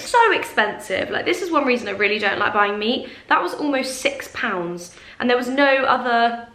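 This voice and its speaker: A woman's voice: fairly high pitch, sharp tone, roomy sound. A young woman chatting casually to camera as a vlogger, rambling with plenty of fillers. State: out of breath. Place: small flat kitchen, indoors.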